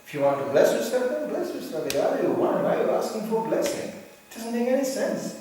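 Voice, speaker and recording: A man giving an informal religious talk, animated and laughing often as he acts out the voices in his stories. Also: extremely high pitch, a little fast. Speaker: spiritual teacher. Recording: echoey hall, distant mic, faint hiss.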